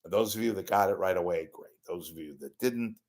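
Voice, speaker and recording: An older man talks loosely through a casual livestream monologue, wandering off topic and back again. He keeps breaking in on himself with crude jokes and asides. His voice sits on the low side. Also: brisk, darkish tone. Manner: rambling, self-interrupting, with bawdy jokes. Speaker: host.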